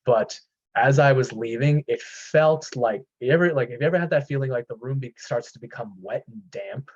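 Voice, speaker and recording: A man recounts a personal encounter in loose, casual chat, circling back with fillers and restarts. His voice sits at an ordinary pitch. The recording sounds slightly dull and lo-fi. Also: normal speed. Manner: rambling, many fillers and restarts. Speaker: podcast host. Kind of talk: casual storytelling.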